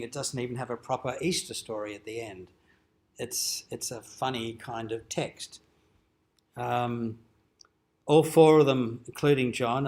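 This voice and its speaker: A man, a dean, giving an informal teaching lecture at a cathedral forum, explaining in a conversational way and lifting his voice for quoted lines. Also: mid-range voice. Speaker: dean presenting an adult education forum.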